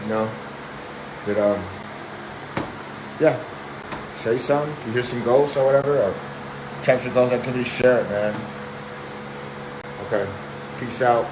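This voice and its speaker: A man from Oakland, California, talks hesitantly into his phone while filming an empty apartment. He rambles and sounds spooked. The bare room echoes, and a loud steady noise fills the background. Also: medium pitch, unhurried, long pauses. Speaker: maintenance worker filming a property. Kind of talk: casual handheld phone video. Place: empty apartment unit indoors.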